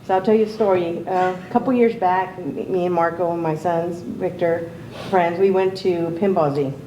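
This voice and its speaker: A woman's voice: on the low side, fairly even intonation, moderate pace, warm tone, reverberant, lo-fi sound, slight background noise. A woman telling a casual story as an aunt speaking at a memorial gathering. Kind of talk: informal memorial tribute.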